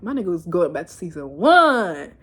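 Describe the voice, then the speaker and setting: A woman casually recapping a TV episode in an animated, slangy, rambling way. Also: on the low side, normal speed. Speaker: show reviewer.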